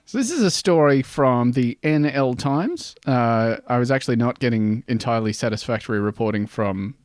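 A man's voice: mid-range voice, animated, moderate pace, no echo, studio quality. A man hosting a podcast in casual, jokey chat with a wry manner. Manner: jokey, wry, slips into silly voices. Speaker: podcast host.

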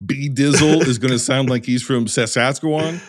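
A man's voice: medium pitch, moderate pace. An American man hosting a podcast, chatting casually and teasing his guest with a jokey, giggly manner. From United States. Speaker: podcast host.

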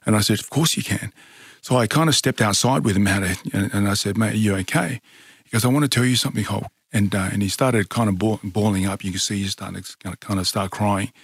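A middle-aged man tells his story, earnest and halting, often restarting his sentences. His voice sits low. The sound is dry and close, with no room around it. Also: breathy edge, no room sound. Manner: earnest, many fillers and restarts. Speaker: podcast guest, fighter. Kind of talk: casual storytelling.

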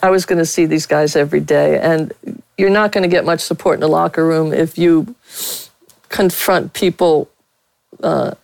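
A woman's voice: deep voice, steady tone, moderate pace, vocal fry, a little mellow, no room sound, low-quality recording. A middle-aged woman from Pittsburgh, a veteran sportswriter, telling frank stories with a blunt, candid manner as an interview guest.

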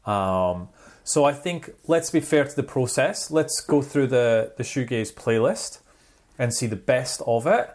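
Mid-pitched male voice sitting in the middle of the range. He co-hosts a relaxed chat and tells stories with lively energy, often tagging on "right?" as he goes. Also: unhurried. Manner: animated storyteller, repeats "right?". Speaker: podcast co-host. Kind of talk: casual chat.

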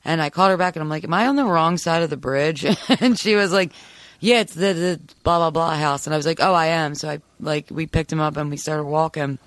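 Guy with a higher voice rambling through a story on a podcast, dry close mic. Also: fairly quick, fairly bright tone, dry recording. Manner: rambling anecdote, quoting others. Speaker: podcast co-host. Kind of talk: casual storytelling.

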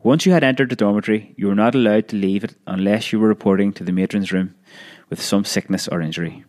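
A man reading a childhood memoir aloud in a measured storytelling manner, with occasional small restarts. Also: fairly low pitch, a little mellow. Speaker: narrator.

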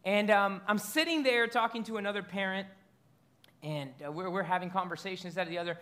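A man in his thirties preaching a sermon as pastor, animated and storytelling, often stumbling and repeating words. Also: sits high, fairly quick.

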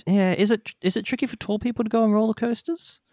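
A man's voice: sits high, fairly even intonation, quick pace, warm tone, dry recording, clean studio sound. A man co-hosting a comedy podcast, riffing playfully and asking curious questions. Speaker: podcast co-host. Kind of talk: casual comedic podcast banter.

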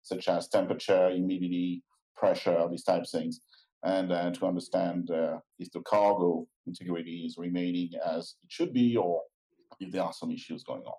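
Low-voiced Frenchman explaining things slowly. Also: fairly even intonation, dark tone, low-quality recording. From France. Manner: measured and explanatory, with many "uh" pauses. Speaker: company CEO, guest. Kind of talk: explanatory interview answers.

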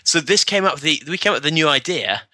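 Bright, lively English man. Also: on the high side, fast, no echo, studio quality. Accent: southern English. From southern England. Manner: laughs often, jokey, puts on silly voices. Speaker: podcast co-host. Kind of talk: casual chat.

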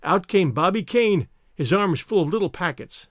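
A man narrating a story in a measured, expressive reading. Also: high voice, no room sound, clean studio sound.

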